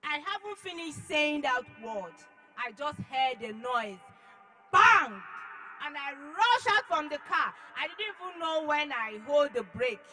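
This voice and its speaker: A woman giving an emotional church testimony, dramatic, acting out her own shouts and then dropping to hushed tones. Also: high-pitched, sing-song, unhurried, faint music behind, poor audio. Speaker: testimony giver.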